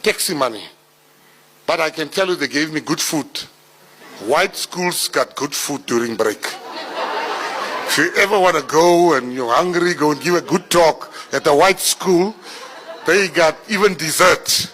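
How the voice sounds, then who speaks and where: Bright-voiced South African man telling stories. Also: fairly high pitch, measured pace, a little hiss or hum, low-quality recording. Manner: animated, builds to laughing punchlines. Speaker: public speaker. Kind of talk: storytelling talk.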